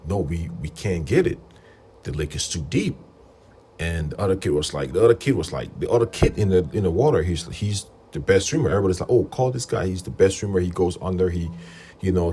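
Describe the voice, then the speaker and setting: A man hosting a livestream and telling a rambling, animated story in a casual voice, quoting people in raised voices. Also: sits low, slight background noise. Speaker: livestream host.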